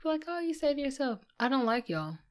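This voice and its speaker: A woman's voice: high-pitched, sing-song, a little fast. A blunt, outspoken woman, swearing freely in casual podcast chat. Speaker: podcast co-host.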